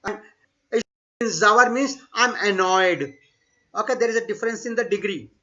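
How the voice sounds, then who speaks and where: A high, bright-voiced man runs an online German lesson. He says each phrase slowly and more than once, then explains it in with bits of Hindi. The audio is dull and lo-fi, like a remote class. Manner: slow repeated model phrases, mixes English and Hindi. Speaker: German language teacher.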